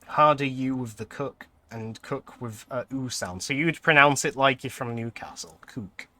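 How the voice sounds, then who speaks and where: Young male streamer, bright clear tone, chatty, laughs a lot. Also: medium pitch, moderate pace. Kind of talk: casual gameplay commentary.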